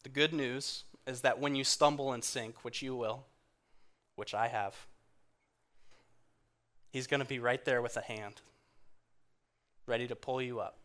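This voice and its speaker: A man delivers a sermon in an even, mid-range voice, earnest and conversational. He drops to a soft, hushed tone for quoted lines. The setting is a church. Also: mid-range voice. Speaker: guest speaker in church.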